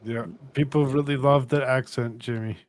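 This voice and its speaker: A man in casual banter, mumbling and halting at times. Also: mid-range voice, steady tone, darkish tone, no room sound, clean studio sound. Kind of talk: casual chat.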